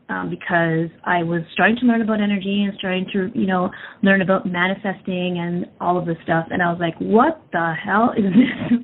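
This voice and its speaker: A woman in her thirties telling a personal story in a candid, casual way with lots of fillers. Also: fairly low pitch. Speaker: energy work practitioner. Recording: tinny phone-like audio.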